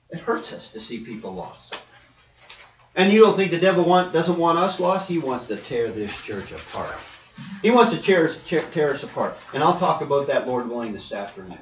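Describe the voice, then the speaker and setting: In a church hall, a man with a fairly high voice preaches to a congregation, reading scripture aloud, raising his voice to press his points and acting out the people he quotes. The audio is roomy, distant and dull, with a little hiss or hum.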